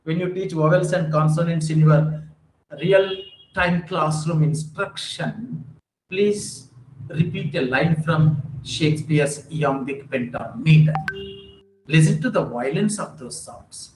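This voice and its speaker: Man, higher voice, conference lecturer, emphatic and rhetorical, echoey hall sound. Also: slow, a little hiss or hum. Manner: emphatic, rhetorical, addresses audience directly. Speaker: conference speaker. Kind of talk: academic lecture.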